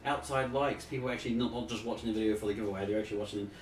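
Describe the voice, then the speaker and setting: A man's voice: on the low side, fairly even intonation, rapid-fire. A man hosting a casual podcast chat, rambling with lots of fillers and restarts. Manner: rambling, hesitant, full of fillers. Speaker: podcast host. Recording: echoey room, far from the mic.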